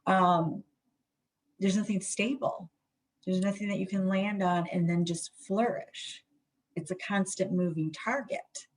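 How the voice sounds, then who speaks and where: A woman's voice: mid-range voice, fairly even intonation, unhurried. A middle-aged woman therapist giving a presentation on trauma in a conversational way, full of fillers and restarts.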